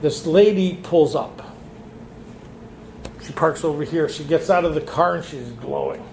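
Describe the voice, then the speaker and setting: A man with a high voice shares his story at a recovery retreat, voicing the people he quotes as he goes. His voice rings in an echoey meeting room with a faint hiss behind it. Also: a little slow. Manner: storytelling, acts out quoted dialogue. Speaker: retreat speaker. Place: meeting hall.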